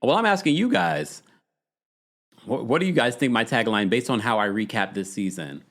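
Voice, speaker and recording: A man hosting a reality TV recap show in casual chat, reading viewer comments aloud and reacting with lively, swooping enthusiasm. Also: moderate pace. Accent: New York. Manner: animated, swings up high when amused. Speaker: podcast host.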